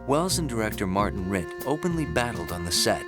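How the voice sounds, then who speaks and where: A man narrating a film history documentary in a measured, scripted storytelling style. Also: fairly low pitch, sing-song, music in the background.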